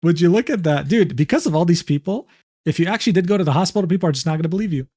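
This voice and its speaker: A man's voice: a little high, expressive, mellow, slightly rough, dry recording. Casual, profane young man on a dry mic. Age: 20s. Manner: loose and profane, drawn-out "bro" asides. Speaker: streamer. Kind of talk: casual reaction stream commentary.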